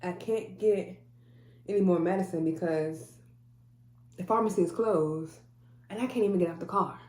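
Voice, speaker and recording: A woman's voice: fairly low pitch, moderate pace, a little mellow. Earnest woman telling a story, echoey room. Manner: earnest, quotes people in dialogue. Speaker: vlogger telling a personal story. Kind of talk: emotional storytelling to camera. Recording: echoey room with faint hum.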